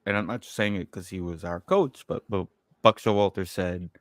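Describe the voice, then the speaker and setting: A man with a fairly low voice trades loose, profane jokes as a podcast co-host. His sound is dry and close, with no room around it. He keeps it casual and chatty. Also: fairly even intonation, normal speed, dry recording. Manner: profane, joking, loose banter. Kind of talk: casual sports chat.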